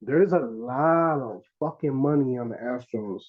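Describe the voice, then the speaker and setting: A man's voice: mid-range voice, moderate pace. A man hosting a sports betting podcast, running the segments in slangy, profane casual talk. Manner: slangy, profane, hypes picks. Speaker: podcast host leading the segments. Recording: slightly dull sound.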